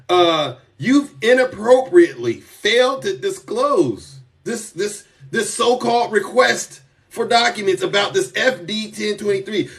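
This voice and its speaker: A man with a high voice gives a sarcastic, emphatic live-stream rant, repeating his points for effect. He sounds a bit distant from the microphone. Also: gravelly, a bit bright. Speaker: TikTok political commentator.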